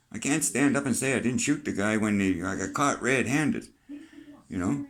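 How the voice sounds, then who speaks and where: A man's voice: lowish voice, animated, a little fast. An older man with a Canadian accent, talking freely in a rambling vlog monologue, chatty and plain-spoken, swearing now and then. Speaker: vlogger.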